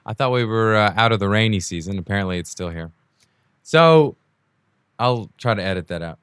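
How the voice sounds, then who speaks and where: Low-voiced man rambling self-deprecatingly. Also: lively intonation, fairly quick, fairly bright tone, smooth, dry recording. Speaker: podcast host. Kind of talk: casual solo monologue. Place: indoors at home during a rainstorm. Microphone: new home mic.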